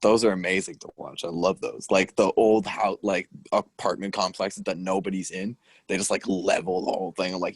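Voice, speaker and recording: A young man with a husky, somewhat low voice chats casually as a podcast co-host. He rambles, fills every gap with "like" and keeps correcting himself. The sound is dry and close. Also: animated, moderate pace, hardly any pauses, no echo. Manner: rambling, lots of filler "like", self-correcting. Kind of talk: casual chat.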